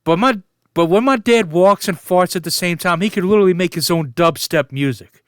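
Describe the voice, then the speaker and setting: A man's voice: high-pitched, a little fast, clear, resonant tone, no room sound, studio quality. A man in his forties telling a funny family story as a casual vlogger, chuckling and fighting back laughter. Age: 40s.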